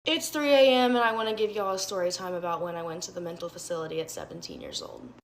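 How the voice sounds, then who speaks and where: A young woman from Alabama telling a casual storytime, profane, animated and self-mocking. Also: on the low side, quick pace.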